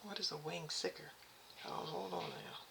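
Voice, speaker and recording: Lady with a low gravelly voice, chatty and casual, reads stuff out to y'all and stumbles a bit. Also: fairly even intonation, background noise. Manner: chatty, talks to viewers as "y'all", reads text aloud haltingly. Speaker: spiritual reader addressing viewers. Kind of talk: casual reading and thinking aloud.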